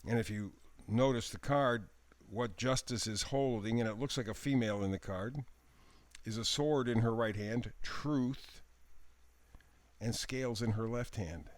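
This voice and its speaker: A man giving a daily tarot reading in a gentle, encouraging voice. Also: fairly low pitch, unhurried, long pauses. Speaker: tarot reader.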